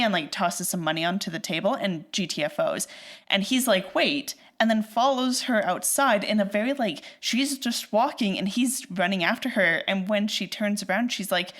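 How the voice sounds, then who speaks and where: A woman co-hosting a film podcast rants animatedly in casual conversation, saying "like" a lot and acting out quoted lines. Her voice is mid-range and she talks at a normal speed.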